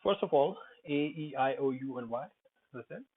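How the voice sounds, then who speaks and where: Man, English pronunciation teacher, hesitant, self-correcting, husky voice, thin phone-like sound. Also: medium pitch, lively intonation, moderate pace. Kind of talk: unscripted teaching monologue. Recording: tinny phone-like audio.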